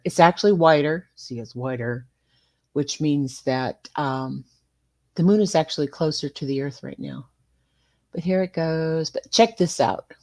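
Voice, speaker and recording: An older woman, chatting casually as a live-stream host. She reads out viewer comments and mutters to herself while fumbling with her streaming software. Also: deep voice. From United States. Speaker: livestream host.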